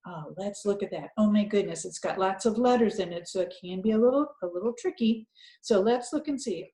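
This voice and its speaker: A woman's voice: mid-range voice, normal speed, mellow, reverberant. A woman teacher guiding young children through a reading lesson, thinking aloud in an encouraging way.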